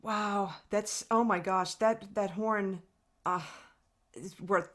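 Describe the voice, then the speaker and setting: A woman hosts a casual interview with an everyday, medium-pitched voice. She keeps the talk going with short affirmations and some hesitant fillers as she asks her questions. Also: fairly even intonation, takes it slowly. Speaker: podcast host.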